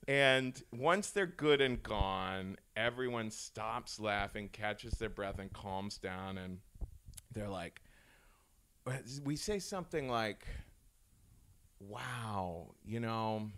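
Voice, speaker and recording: A man's voice: fairly low pitch, slow pace, clean tone. A man, a comedian guest on a podcast, telling a story casually with lots of restarts, laughs and swearing. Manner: animated, restarts a lot, swears, laughs often.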